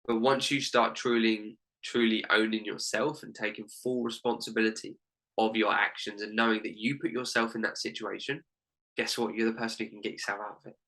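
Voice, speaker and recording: Earnest young man with a bright voice. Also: fairly low pitch, fairly even intonation, brisk, poor audio. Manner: earnest and heartfelt, with many "literally" and "like" fillers. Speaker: guest, life coach. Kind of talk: personal story in a podcast interview.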